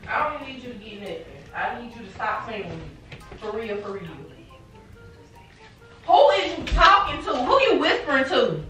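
A woman's voice: fairly high pitch, sing-song, normal speed, sharp tone, faint music behind. A young woman in a bedroom at home, arguing casually with her partner in an insistent, exasperated, slangy way, recorded on a camera mic across the room. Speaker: YouTuber in a prank video. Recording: echoey room, mic off at a distance.

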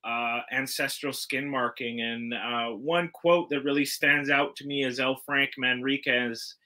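A man from Canada giving an earnest, measured curator's talk, often pausing on "uh". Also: medium pitch, steady tone, bright, forceful tone. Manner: earnest, measured, frequent "uh" fillers. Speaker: guest curator.

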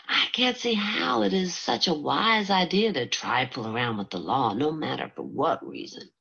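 Casting note: woman playing a dry, teasing older cook, slow drawl, low husky voice, lo-fi recording. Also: lively intonation, bright, forceful tone, exaggerated voice. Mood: skeptical. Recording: dull lo-fi audiobook recording.

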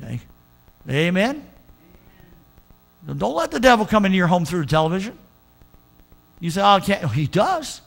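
An older man preaching a sermon as pastor, moving between hushed, slow passages and emphatic, rising exhortation. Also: sits high, animated, vocal fry.

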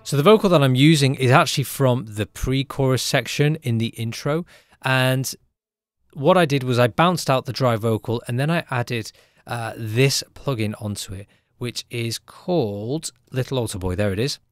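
A man's voice: medium pitch, moderate pace, no echo. Upbeat man in a dry studio. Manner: upbeat, chatty, often asks "right?". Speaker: music producer teaching production. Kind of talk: casual tutorial.

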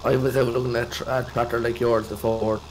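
A hoarse man with an Irish accent, chatting casually with other gamers over voice chat in brief, mumbled answers. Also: medium pitch, little pitch movement, a little fast, a little hiss or hum. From Ireland.

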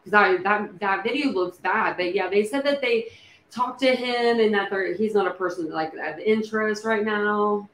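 A woman hosting a casual livestream, thinking out loud with many fillers and restarts. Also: medium pitch, normal speed. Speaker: true crime livestream host. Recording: echoey room with faint background noise.

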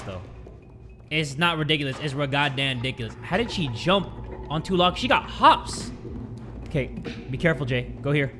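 Male gamer, excitable, joking, yelps and mutters, lively pitch swings. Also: normal speed, long pauses, over music. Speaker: gaming YouTuber. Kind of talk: let's play commentary.

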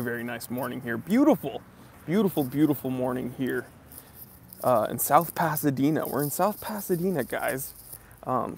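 A man from New England hosting a live stream outdoors outside a library, greeting viewers by name in an upbeat, casual way. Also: mid-range voice.

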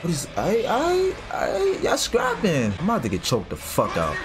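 Over game music, a man commentates his horror game playthrough as a streamer, panicking and speaking in casual slang. His mid-range voice swoops wildly in pitch, and his pace is brisk.

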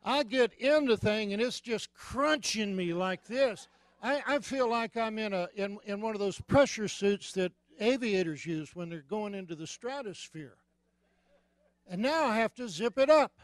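A man preaching a sermon as a comic, animated storyteller who sometimes bursts out loudly. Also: sits high, normal speed, dry recording. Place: church sanctuary.

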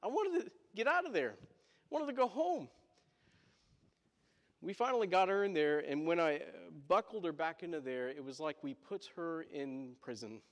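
A man's voice: a little high, animated, moderate pace, big-room sound. A male pastor telling a story in a sermon, chatty, with asides to the congregation.

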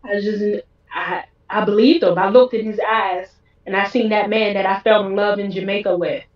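A woman's voice: mid-range voice, fairly even intonation, normal speed. Woman telling a story in a roomy, distant room. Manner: emotional, acts out quoted dialogue. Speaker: guest telling her story. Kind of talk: personal storytelling interview. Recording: roomy, distant, dull sound.

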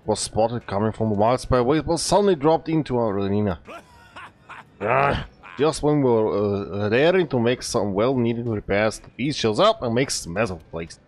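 A man voicing a boisterous male blacksmith from a video game in a put-on fake Scottish accent, loud and bantering. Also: mid-range voice, animated, moderate pace, close to an everyday voice. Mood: hearty.

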